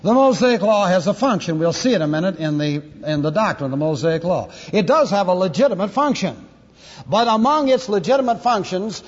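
The speaker is a man with a husky, high-pitched voice, a pastor preaching an expository sermon centered on Greek word study. He talks forcefully, spells each Greek word letter by letter and sneaks in dry jokes, recorded lo-fi in a reverberant hall.

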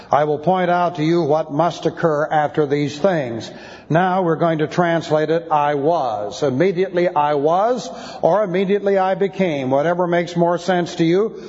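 A man's voice: a little high, a little slow, darkish tone. Man teaching scripture in a reverberant hall. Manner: methodical, precise, explains Greek grammar in detail. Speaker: pastor. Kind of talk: expository Bible teaching sermon. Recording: dull, lo-fi recording with long hall reverb.

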